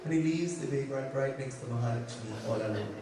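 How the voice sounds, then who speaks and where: A man's voice: medium pitch, a little fast. A man giving a devotional sermon as a pundit, telling a sacred story and asking the crowd direct questions. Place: temple. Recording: echoey temple hall, distant mic, music.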